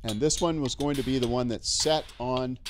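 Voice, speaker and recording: A man calling bids in a live stream auction, energetic and jokey. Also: medium pitch, moderate pace, over music. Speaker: auctioneer and show co-host.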